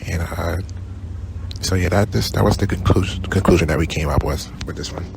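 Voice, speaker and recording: A man giving a class project presentation over slides, halting with fillers and unsure of foreign words. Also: low-pitched, vocal fry, noisy background. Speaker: student presenter.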